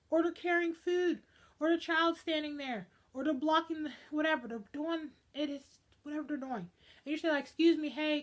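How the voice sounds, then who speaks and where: A young woman ranting in a casual vlog, dramatic and animated, swinging between loud outbursts and hushed asides. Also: high voice. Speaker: vlogger.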